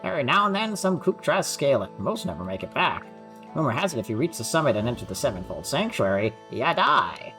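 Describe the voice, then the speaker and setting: A man voicing a blunt, folksy country townswoman in a put-on Southern US accent with rough grammar. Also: medium pitch, sing-song, fairly quick, pushed and bright, soft background music. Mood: folksy warning.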